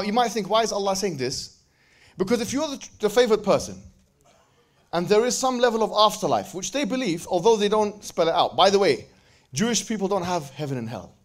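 A man giving a religious lecture with jokes, reciting scripture verses in quick bursts between his explanations. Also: high-pitched. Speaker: preacher.

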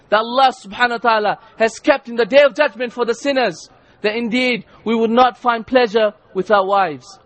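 A man preaches an impassioned sermon in a very high voice. He repeats his phrases for weight and rises to shouts. His delivery builds and falls in waves. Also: normal speed, no echo. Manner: impassioned, repetitive, rising to shouts.

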